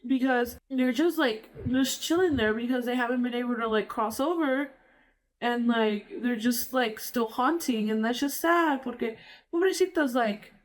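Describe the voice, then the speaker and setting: A woman's voice: on the high side, moderate pace. A woman host telling ghost stories in a rambling casual chat, switching between English and Spanish and saying "like" a lot. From Colorado, United States. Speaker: podcast host.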